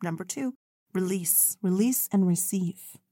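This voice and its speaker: A woman's voice: lowish voice, measured pace, warm tone, no echo, studio quality. A woman hosting a solo podcast, telling stories in a blunt, profane way and acting out the people she quotes. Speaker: podcast host.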